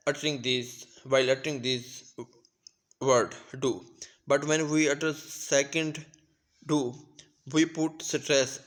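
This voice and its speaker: A young man from Pakistan giving a class presentation on pronunciation, speaking slowly and carefully, with occasional restarts. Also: mid-range voice, a bit bright. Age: young adult. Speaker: student presenter.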